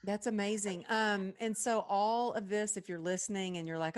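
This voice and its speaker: A woman's voice: mid-range voice, steady tone, moderate pace. A woman hosting a podcast interview, gushing with praise for her guest and laughing easily in casual chat. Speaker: podcast host.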